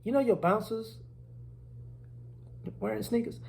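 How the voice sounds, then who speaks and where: A man's voice: sits high, unhurried, vocal fry, darkish tone, slight background noise. A man delivering an indignant casual monologue, repeating words as he builds his point. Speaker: commentator.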